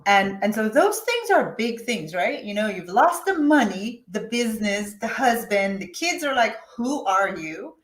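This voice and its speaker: A woman's voice: fairly high pitch, normal speed, few pauses. A middle-aged woman guest telling her personal story candidly, acting out what she once said to herself. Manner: candid and animated, acts out her own past words. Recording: roomy echo.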